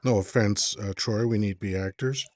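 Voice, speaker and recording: A man's voice: fairly low pitch, fairly even intonation, moderate pace, a little hiss or hum. Rambling easygoing man hosting live. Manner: rambling, easygoing, thinks aloud with many fillers. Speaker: host of a live call-in stream. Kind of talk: casual chat. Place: live online stream.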